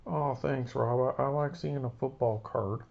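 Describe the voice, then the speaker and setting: A man's voice: mid-range voice, measured pace, gravelly, lo-fi sound, voice pushed up. A man putting on a raised, stammering old-man impression of Gerald Ford as an eager football fan. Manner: excitable, stammering, exclaims "oh boy".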